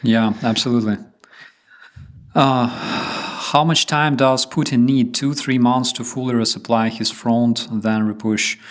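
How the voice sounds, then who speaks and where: A man hosting a relaxed chat in English. His voice sits at an ordinary middle pitch and he speaks very slowly. He leans on fillers as he reads out viewers' messages. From Ukraine. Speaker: host. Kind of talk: casual chat.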